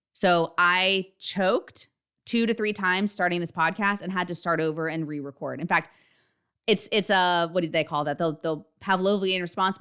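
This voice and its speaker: A woman's voice: on the low side, fairly bright tone, clear, resonant tone. A woman in her thirties hosting her own podcast, talking candidly and emphatically, with frequent swearing. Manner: frank and profane, emphatic. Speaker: podcast host. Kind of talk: candid solo podcast talk.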